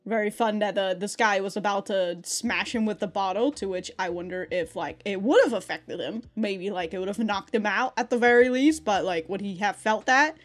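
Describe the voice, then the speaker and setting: A woman's voice: mid-range voice, moderate pace, hardly any pauses. A woman hosting an anime reaction, chatting casually, laughing often and swearing as she acts out the characters' lines. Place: in Japan.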